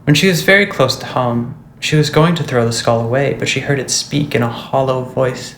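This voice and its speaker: A man narrating a fairy tale storybook in a steady, measured way. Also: medium pitch, echoey room, slight background noise, poor audio. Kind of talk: storybook reading.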